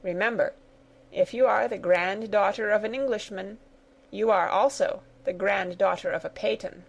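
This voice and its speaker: A woman voicing a polite, earnest young gentleman in a read-aloud story. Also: mid-range voice, normal speed, gravelly. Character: gallant young man, proud and warm.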